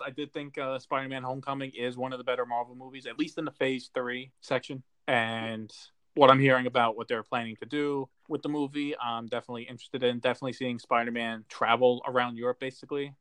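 A man's voice: medium pitch, a bit bright, no room sound. Chatty man, dry close sound. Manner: enthusiastic, chatty, with fillers. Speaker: podcast co-host. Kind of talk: casual chat about upcoming movies.

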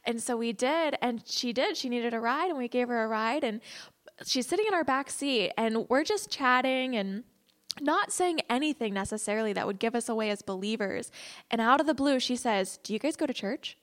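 A woman with a high, light voice leads a church class. She tells stories in an animated way, laughing often, and moves into heartfelt spoken prayer. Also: normal speed. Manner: animated storytelling with frequent laughter. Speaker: class leader.

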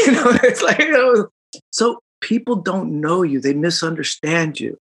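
Gravelly middle-aged man telling a story. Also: sits high. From Chicago, United States. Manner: reflective, animated retelling with quick laughs and fillers. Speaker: guest. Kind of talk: storytelling interview.

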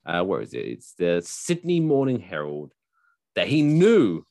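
A man hosting a podcast, chatting casually in a jokey, animated way and swearing freely. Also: on the low side, no room sound, studio quality. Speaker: podcast host.

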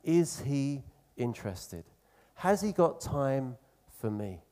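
A man preaching a sermon in an earnest, conversational way, slowing down to stress key phrases. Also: mid-range voice, sing-song, warm tone.

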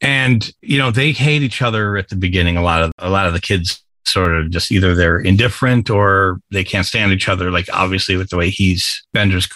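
A man with a lowish voice in casual podcast chat, recorded close and dry. He talks in loose, rambling runs, circling back on his words. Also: a little fast, hardly any pauses, pushed and bright, no echo. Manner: rambling, lots of fillers and restarts. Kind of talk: casual movie discussion.

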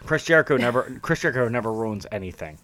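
A man's voice: mid-range voice, expressive, a bit bright. A man in his thirties co-hosting a casual wrestling podcast, joking and swearing freely. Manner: joking, profane, quick asides. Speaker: podcast co-host.

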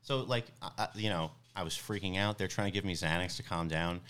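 A young man casually telling a long story on a podcast, rambling and animated, full of fillers and restarts. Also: low-pitched, fairly quick, smooth. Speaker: podcast guest.

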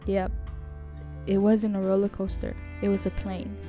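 A young woman hosting a vlog, telling a story in a chatty, animated way with lots of fillers. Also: medium pitch, moderate pace, faint music behind. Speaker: vlog host.

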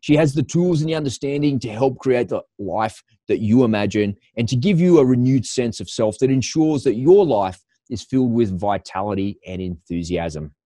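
A man's voice: mid-range voice, normal speed, hardly any pauses, warm tone, dry recording, clean studio sound. A man hosting an interview podcast, upbeat and polished as he reads promos and introduces his guest. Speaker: podcast host.

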